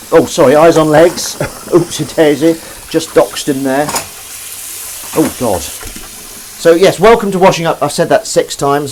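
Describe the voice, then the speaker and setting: Man, livestream host, rambling comedy chatter, very animated pitch, kitchen washing up. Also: slight background noise, poor audio. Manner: rambling, self-mocking banter with frequent ums and jokey asides. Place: home kitchen at the sink.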